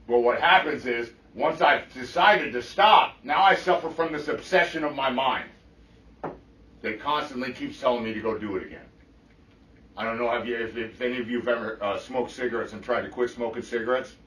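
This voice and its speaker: Addressing a meeting room, a middle-aged man gives blunt, profanity-filled personal testimony, often tossing "right?" at his listeners. His medium-pitched voice is bright and forceful and a little fast, heard from a distant mic in an echoey room with slight hiss or hum.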